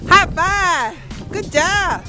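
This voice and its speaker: Over music, a mother speaks in an extremely high, lively voice at a very slow pace. She's a young vlogger filming her family in the snowy backyard, playfully teasing her kids and laughing a lot as she talks casually.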